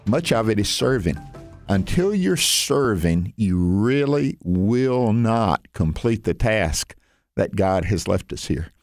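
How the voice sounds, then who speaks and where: A man hosts a Christian missions program in a loose, folksy way. He rambles, restarts his sentences and fills the gaps with little fillers. His voice sits at an ordinary pitch and sounds dry and close, with no room around it. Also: darkish tone, no echo. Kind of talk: conversational interview.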